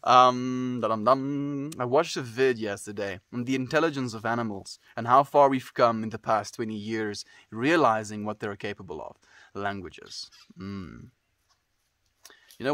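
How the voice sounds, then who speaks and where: A man's voice: lowish voice, a bit bright, dry recording. A man livestreaming from home, chatting casually with viewers and reading their messages, calling them dude and friend. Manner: laid-back, calls people dude and friend.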